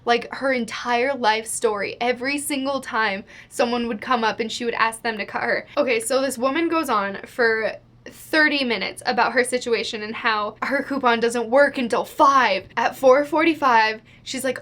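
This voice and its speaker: A woman's voice: on the high side, normal speed, a bit bright. A young woman telling a storytime vlog to the camera, chatty and exasperated, full of "like". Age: young adult. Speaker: vlogger.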